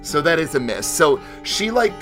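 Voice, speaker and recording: A man's voice: a little high, big pitch swings, normal speed, over music. A man narrating as game master in a tabletop game, hesitant and full of fillers.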